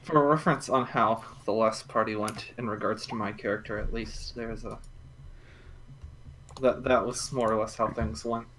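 A man's voice: fairly low pitch, steady tone, normal speed, a bit bright, slight background noise. A man joking around while playing a tabletop game. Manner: joking, teasing. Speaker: player. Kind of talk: casual tabletop game chat.

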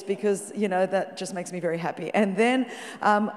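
A woman in her fifties with an Australian accent preaches as a guest pastor in a large church, exuberant and joking. Her mid-range voice moves at normal speed and carries through the big hall.

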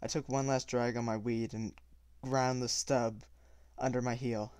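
A man reading a novel aloud at a steady pace, with small slips and self-corrections. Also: mid-range voice, measured pace, clean tone, no echo. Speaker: audiobook reader.

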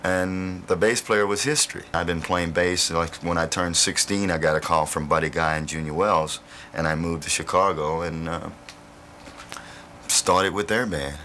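Brief: man, low and bright-toned, loose laughing anecdotes, faint hiss behind. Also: fairly even intonation, normal speed. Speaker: blues musician interviewed. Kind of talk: relaxed storytelling interview.

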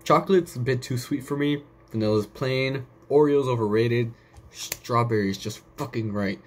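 A man's voice: mid-range voice, normal speed. A young man hosting a casual solo podcast, rambling off on tangents and swearing casually. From United States. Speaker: podcast host.

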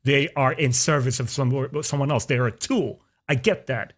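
A man hosting a podcast chats casually at a normal speed, sharing strong opinions in an animated way. For emphasis, his pitch jumps up high.

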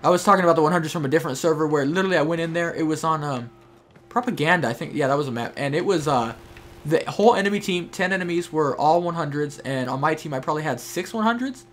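Young male streamer, slightly high voice, loose running commentary over faint gunfire. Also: fast talker, slight background noise. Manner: chatty, talks to teammates and viewers while playing. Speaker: gameplay streamer. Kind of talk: casual gameplay commentary. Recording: faint game gunfire behind.

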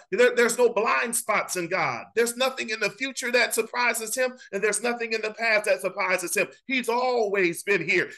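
A man preaching at a Bible study, his voice pitched high for a man and bright and forceful in tone. He builds his points by repetition, talking straight to the crowd in an impassioned, conversational way. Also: rough recording. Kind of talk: sermon-style Bible teaching.

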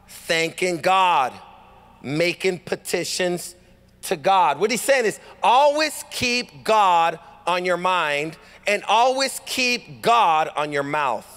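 Californian male pastor, high voice, lively storytelling sermon, reverberant church hall. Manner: animated, acts out dialogue, rhetorical calls to congregation. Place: church sanctuary.

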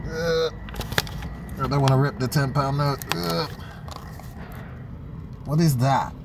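A man's voice: medium pitch, steady tone, takes it slowly, creaky. A man with an English accent ranting and swearing in disbelief at a cash machine in a town square, laughing at it. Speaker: vlogger. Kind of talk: exasperated vlog rant. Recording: street noise behind phone recording.

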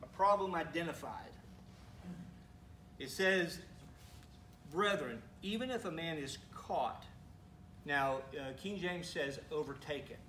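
A man preaches in a church sanctuary with an easygoing, questioning delivery and playful asides. His voice sits a touch high for a man. The recording is roomy and echoey, with the mic some distance away and a faint hiss underneath. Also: slow, long pauses, fairly bright tone. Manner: conversational, asks the congregation questions, teasing asides. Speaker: pastor. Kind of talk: sermon.

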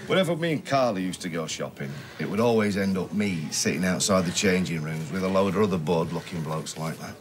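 A man's voice: sits low, animated, a little fast, few pauses. An evasive, joking man. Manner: banter, then evasive stammering. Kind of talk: TV soap drama acting.

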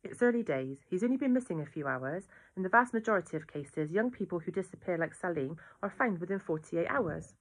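A woman voicing a calm, patient female police inspector who speaks in a measured, reassuring way. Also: on the low side.

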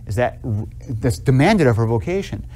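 A man teaching theology in a classroom lecture, animated and conversational, asking students questions and acting out little scenes. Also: medium pitch, normal speed. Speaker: theology professor.

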